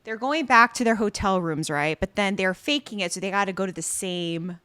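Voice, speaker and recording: A podcast co-host recaps a drama in a casual chat, her mid-range voice smooth and fairly quick. She tells the story with animation, acting out the characters' lines as she goes.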